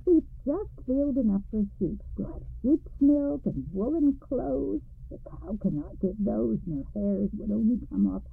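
A woman reading a storybook, voicing a doting, cheerful old farmer's wife who gushes praise at her husband. The voice is husky with some creak and sounds tinny and lo-fi. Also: a little high, expressive, a little slow, hardly any pauses, a little hiss or hum. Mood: gushing. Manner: gushing, exclamatory praise. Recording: tinny lo-fi radio recording.

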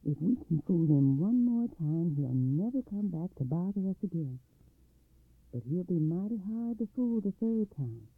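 A shrewd country mother speaks with a calm, folksy drawl in a storybook reading, as a man voices her. The voice is lively in pitch. The sound is thin and phone-like and very dry. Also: measured pace, slightly rough, no echo, heavily acted.

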